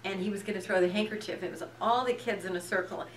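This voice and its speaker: An animated woman telling stories as a guest on a talk show and laughing often as she speaks. Her voice sits in the middle range and is picked up from some distance in an echoey room, with a faint murmur of ambience behind it. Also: medium pitch, fast talker, background noise. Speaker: actress guest. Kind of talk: casual chat.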